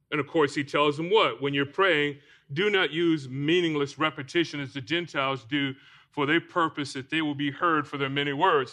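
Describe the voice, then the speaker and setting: Man preaching in a church, quizzing his listeners, ringing tone, pitched a bit high. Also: a bit bright. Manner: rhetorical questions to the congregation. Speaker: pastor. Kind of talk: sermon.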